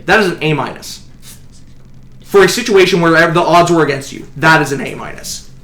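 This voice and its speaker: A man's voice: a little high, brisk, fairly bright tone, natural voice. A man voicing a boisterous, rambling middle-aged agency boss who hands out grades with folksy praise, in an echoey room. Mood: chummy. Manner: back-slapping, rambling, folksy.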